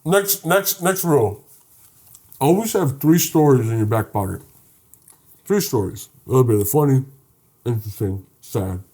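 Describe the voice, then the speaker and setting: A man's voice: medium pitch, moderate pace, long pauses. A young man co-hosting a comedy podcast, telling mock-serious stories in casual chat. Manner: joking, deadpan mock-serious storytelling. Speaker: podcast co-host.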